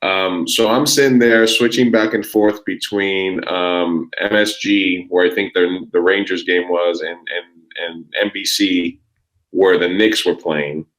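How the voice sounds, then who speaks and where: A man's voice: low voice, steady tone, a little slow, a bit bright, low-quality recording. Rambling, cursing New man. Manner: profane, rambling storytelling. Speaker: podcast guest. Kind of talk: casual chat.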